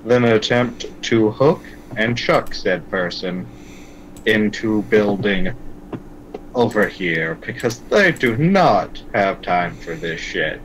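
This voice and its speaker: Slow, deliberate low-voiced gamer man. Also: animated, slight background noise, low-quality recording. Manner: slow, thinking aloud while planning moves. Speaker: player. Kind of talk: casual tabletop game chat.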